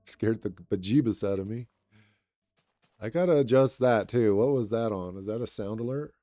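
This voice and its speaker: A young man streaming and chatting casually with viewers in a relaxed, rambling way, his voice a little raw today. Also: fairly low pitch, normal speed, dry recording, studio quality. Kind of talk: casual live-stream chat.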